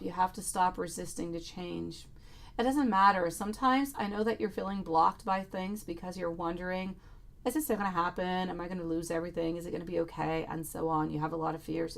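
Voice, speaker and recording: A woman's voice: on the low side, gravelly. A woman giving a live tarot reading and answering viewers in chat, affectionate, calling them sweetie and lovely. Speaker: tarot reader.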